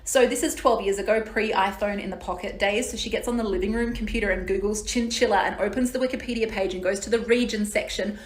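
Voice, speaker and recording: A woman's voice: medium pitch, fairly even intonation, fast, few pauses, roomy sound. A woman from Australia in her thirties telling an exasperated, sarcastic story in a social media clip.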